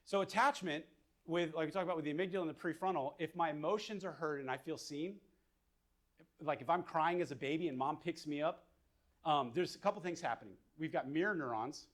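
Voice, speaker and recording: Man, counselor, whiteboard lecture, fairly high voice, casual, thinking aloud. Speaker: mental health counselor.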